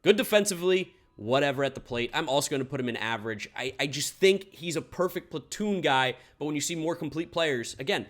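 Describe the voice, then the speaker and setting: A man's voice: a little high, expressive, brisk, hardly any pauses, fairly bright tone. A young man giving blunt, emphatic opinions in casual commentary, ranking baseball players into tiers. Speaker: baseball tier list creator.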